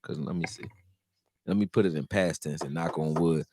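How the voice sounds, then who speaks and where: A man hosting a live stream, chatting loosely with slang and getting loud and heated when reacting to plays. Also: very deep voice, moderate pace, breathy edge. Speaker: livestream host reacting to a football game. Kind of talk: casual live commentary chat.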